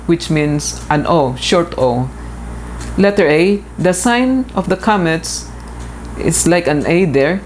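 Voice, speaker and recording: A woman's voice: on the low side, a little hiss or hum. A woman instructor giving a recorded lecture, explaining step by step, repeating points with frequent fillers.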